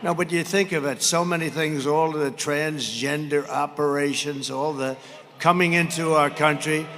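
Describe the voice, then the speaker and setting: A man in his seventies giving a rambling campaign rally speech at a podium microphone, brash and mocking, shouting some lines. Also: on the high side, fairly even intonation, moderate pace. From United States. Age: 70s. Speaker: political candidate at a rally. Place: large arena. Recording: reverberant arena with faint crowd noise.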